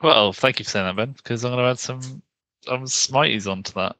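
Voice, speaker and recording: A man's voice: mid-range voice, brisk, pushed and bright, no echo. A man playing a tabletop game, eager and laid-back. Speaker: player. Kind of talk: casual tabletop play.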